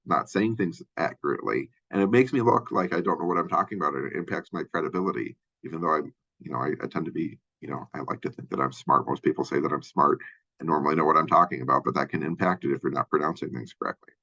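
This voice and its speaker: A man from Minnesota with a Minnesotan accent and a deep voice, giving a casual college lecture full of fillers and restarts. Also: quick pace, gravelly, bright, forceful tone, slightly rough, muffled recording. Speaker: college instructor. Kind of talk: lecture overview of a textbook chapter.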